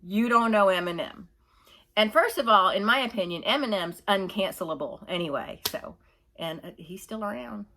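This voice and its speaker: A woman's voice: medium pitch, expressive, normal speed, sharp tone, slight background noise. A woman ranting in a casual opinion monologue, rambling and exasperated, mocking others with whiny put-on voices. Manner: rambling, exasperated, laughs while telling stories. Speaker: vlogger.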